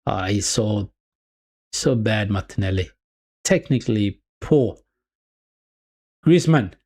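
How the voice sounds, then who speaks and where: Streaming a football watch-along, this man keeps up a chatty commentary, calls his audience "people," repeats himself, and lurches from excitement to deflation. He speaks slowly in a fairly low pitch.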